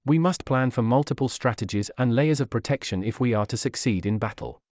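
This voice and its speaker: A man voicing a stern orc war chief who speaks low and measured. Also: darkish tone, dry recording, natural voice.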